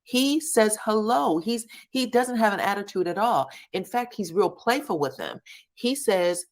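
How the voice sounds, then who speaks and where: A woman giving casual, animated commentary on a reality show, retelling scenes in colloquial talk. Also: medium pitch, measured pace. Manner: animated, colloquial storytelling that acts out the people she quotes.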